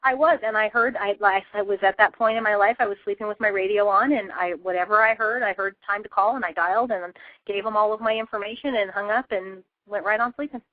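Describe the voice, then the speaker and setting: A woman's voice: mid-range voice, steady tone, fast, dry recording. Chatty woman on a tinny phone line. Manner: chatty storyteller, laughs often. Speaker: host. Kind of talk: casual radio interview chat.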